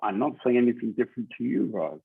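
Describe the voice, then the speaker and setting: A man leads an online group meeting as a spiritual teacher, blunt and insistent, repeating his points. His voice is somewhat husky. It comes through a thin, phone-like video call line. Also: mid-range voice, very animated, quick pace. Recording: tinny video call audio.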